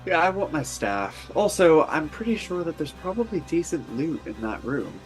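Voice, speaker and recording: A man's voice: a little high, very animated, moderate pace, faint music behind. A man playing a tabletop game, talking through his character's plans. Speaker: player. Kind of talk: tabletop role-play banter.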